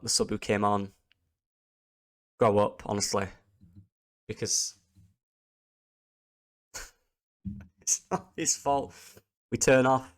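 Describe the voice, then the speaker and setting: A man, a football fan vlogging an angry post-match reaction, repeating himself in exasperation. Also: fairly low pitch.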